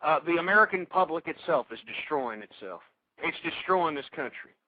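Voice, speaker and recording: A man's voice: fairly high pitch, expressive, a little fast, no echo. Ranting man on tinny talk radio. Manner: ranting, insulting, stammering restarts. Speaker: radio talk show host. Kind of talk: angry political talk radio rant. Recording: tinny phone-like radio audio.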